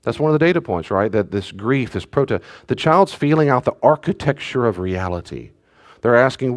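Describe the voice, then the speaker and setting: A male pastor leads a church study class, speaking at normal speed in a medium pitch, keeping things relaxed and conversational while tossing joking asides to the group.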